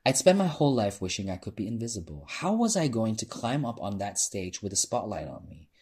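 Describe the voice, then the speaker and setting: Husky man reading a novel aloud. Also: lowish voice, sing-song, a little fast, a little mellow. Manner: informal reader who stumbles and restarts. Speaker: narrator.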